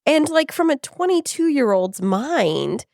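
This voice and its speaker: A woman's voice: sits high, big pitch swings, slow pace, darkish tone, no room sound, studio quality. A woman co-hosting a podcast, telling personal stories in a candid, chatty way. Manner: candid, storytelling, many "like" fillers. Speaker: podcast co-host. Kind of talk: casual podcast conversation.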